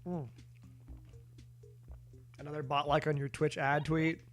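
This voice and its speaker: A man's voice: a little high, little pitch movement, unhurried, faint music behind. A tired, sleepy man streaming a game late at night, rambling in casual chat with lots of fillers and restarts that trail off.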